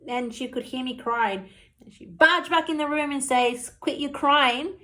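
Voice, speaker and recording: Woman, 30s, fairly high pitch, unscripted personal testimony, earnest and heated with lots of fillers. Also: moderate pace, bright, forceful tone. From Australia. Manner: earnest, heated retelling full of "you know" and "like". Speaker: storyteller recounting her childhood.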